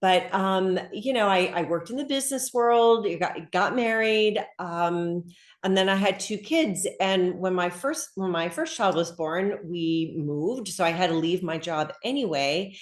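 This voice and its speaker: A middle-aged woman author, chatting in an interview over a video call, animated and full of fillers. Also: lowish voice, a little slow. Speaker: author guest. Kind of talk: casual interview chat. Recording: echoey room.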